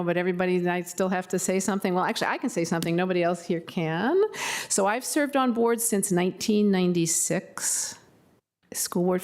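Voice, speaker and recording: A woman's voice: lowish voice, darkish tone. An older woman, a county board member, giving an informal tribute speech at a public meeting. She talks in a rambling, chatty, self-deprecating way and acts out the people she quotes.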